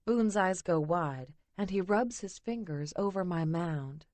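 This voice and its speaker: A woman reading a first-person romance audiobook in an intimate, breathy way. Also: on the low side, lively intonation, a little slow, darkish tone, no room sound. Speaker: audiobook narrator.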